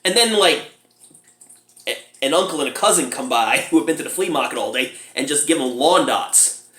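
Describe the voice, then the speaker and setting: A man casually reviewing a low-budget horror movie, laughing often as he retells scenes and squeaks out the characters' lines. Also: expressive, moderate pace, bright, forceful tone, reverberant.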